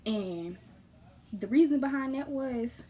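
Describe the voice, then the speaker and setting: A woman with a fairly high voice tells a story straight to her viewers in a casual vlog. She talks bluntly and with lots of energy. She swings from loud outbursts down to low, half-whispered asides, with a faint hum of room sound behind her. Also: animated, slow pace. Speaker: vlogger telling a personal story.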